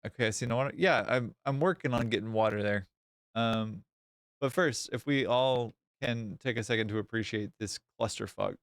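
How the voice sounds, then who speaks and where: A man streaming a game live, chatting casually in an excitable, self-mocking and sarcastic way. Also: medium pitch, normal speed, clean tone, no echo. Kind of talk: live gameplay stream chat.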